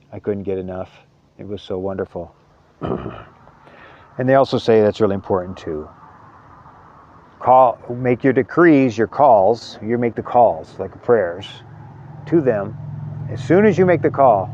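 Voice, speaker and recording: A man giving an earnest spiritual talk, halting often and repeating words as he searches for them. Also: low voice, darkish tone, muffled recording, a little hiss or hum. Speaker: spiritual teacher.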